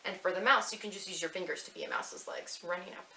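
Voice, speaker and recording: Woman, library story time leader, bright sing-song voice, echoey room. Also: lowish voice. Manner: sing-song, reads rhymes slowly and quickly to match the words. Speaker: children's librarian. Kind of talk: family story time with rhymes and finger plays. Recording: echoey room with faint hiss.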